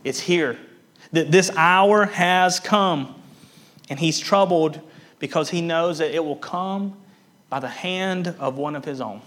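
A man's voice: on the high side, unhurried. A man preaching a sermon as a pastor, earnest and emphatic, repeating words for stress.

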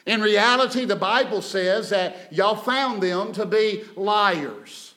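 High-pitched preacher, swinging loud to soft. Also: male voice, takes it slowly. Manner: dramatic rises and drops in volume, repeats phrases, calls for amen. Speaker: guest preacher. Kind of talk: sermon. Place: church sanctuary.

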